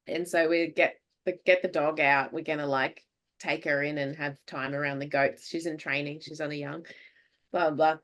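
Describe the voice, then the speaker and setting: A woman with an Australian accent hosting a podcast, telling a lively anecdote in casual chat, acting out what people said and laughing often. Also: low voice, normal speed. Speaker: podcast host. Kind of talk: casual chat, animated storytelling.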